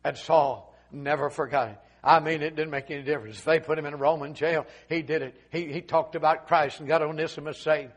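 Male preacher with a high voice, folksy storyteller who builds to fervent shouts and drops to hushed pleas. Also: steady tone, fairly quick, few pauses. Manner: fervent, swings from shouted peaks to low hushed appeals; casual folksy retelling with many fillers. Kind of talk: storytelling sermon.

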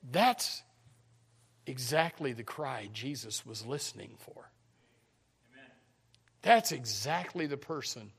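A man preaching a sermon with emphatic repetition, swinging from hushed to loud. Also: mid-range voice, expressive, a little slow, pauses often, breathy edge.

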